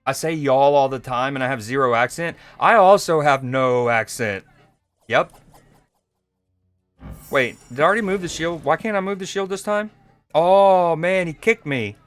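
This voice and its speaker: Faint music plays behind a Georgia man who streams a card game, his fairly high voice smooth and fairly bright at a normal speed, with no echo. Easygoing and jokey, he chats with viewers between plays.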